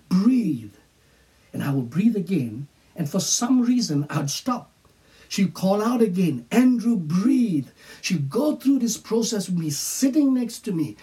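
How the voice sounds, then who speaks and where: Male pastor, sermon delivery, unhurried with hushed emphasis, somewhat distant mic. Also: a little high. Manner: slow, emphatic preaching with whispered phrases.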